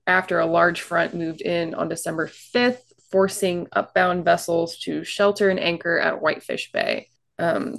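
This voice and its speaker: A woman's voice: on the low side, gravelly. A woman co-hosting a casual podcast, chatty, recounting history with fillers and asides. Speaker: podcast co-host telling a shipwreck story.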